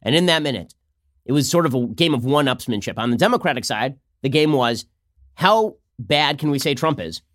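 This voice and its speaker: A man hosting a political commentary show, talking fast with a sarcastic, mocking manner. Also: medium pitch, expressive, fairly bright tone, no room sound, clean studio sound. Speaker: host.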